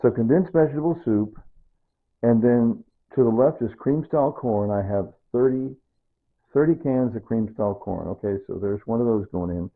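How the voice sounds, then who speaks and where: Male home cook, rambling, repetitive, casual; raspy voice, tinny phone-line audio. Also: mid-range voice, normal speed. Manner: rambling, repeats himself. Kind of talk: casual rambling cooking talk.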